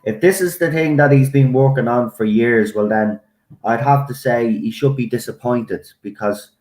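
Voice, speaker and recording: A man's voice: medium pitch, moderate pace, a little mellow. A man on a stream as a guest, giving blunt opinions in casual chat, often restarting. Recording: echoey room.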